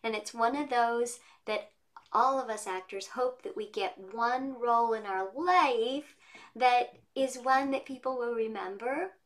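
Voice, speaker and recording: A woman voice actress chatting as an interview guest from her home studio, telling stories in a lively way. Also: a little high, unhurried. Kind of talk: casual interview chat.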